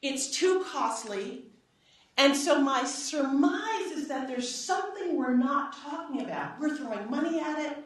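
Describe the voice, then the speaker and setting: A middle-aged woman giving a public lecture, telling a personal story with lively acted-out dialogue and frequent "right?" asides. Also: sits high, unhurried. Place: lecture hall. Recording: echoey hall, voice from far off.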